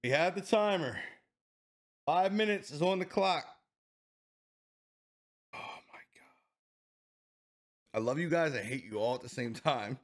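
A man vlogging a spicy food challenge, excitable and swearing, groaning and coughing as the heat hits him. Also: fairly high pitch, normal speed. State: in pain from heat, teary. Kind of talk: casual food challenge vlog.

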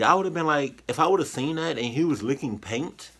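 A man hosting a reaction video, reacting in casual commentary with loud, animated exclamations and slang. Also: a little high, fairly quick, few pauses, breathy edge.

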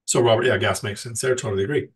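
A man's voice: fairly low pitch, steady tone, racing, distant mic. A man hosting a casual livestream Q&A, slightly nasal from getting over a cold, reading viewer questions and answering them at length in a plain-spoken way.

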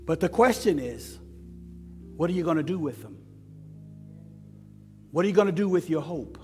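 In a church sanctuary, a male pastor with a fairly high, mellow voice preaches at a moderate pace, animatedly posing repeated rising questions that swell and fall. Instrumental music plays behind him, and the recording carries long church reverb.

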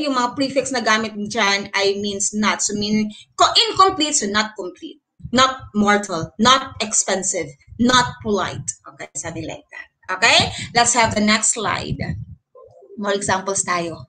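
A woman with a Filipino accent teaches an online lesson, mixing English and Tagalog and encouraging her learners with frequent "okay?" check-ins. Her voice is medium in pitch with a sharp tone and a measured pace, and the recording is low quality.

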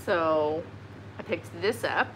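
Hot and sweaty, this woman resells vintage and is doing a relaxed haul video, rambling through her finds with frequent fillers and false starts. Her voice is lowish and slow, with a little background noise.

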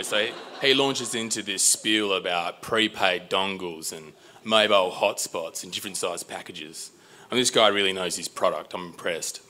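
A man with an Australian accent telling a live personal story, animated and exasperated, swearing and acting out dialogue. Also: low voice.

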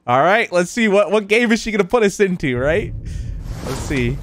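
Man, let's play commentary, excitable, exclamation-heavy, a bit high-pitched. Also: normal speed, background noise. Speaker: gaming video host.

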